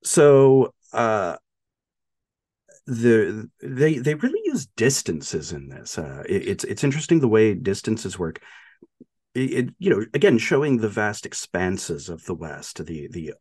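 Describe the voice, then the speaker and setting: A man co-hosting a podcast, talking through a film in a halting, casual way with frequent restarts. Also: lowish voice, big pitch swings, darkish tone, breathy edge, no room sound, clean studio sound. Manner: halting, many restarts and fillers, laughs often. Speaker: podcast co-host.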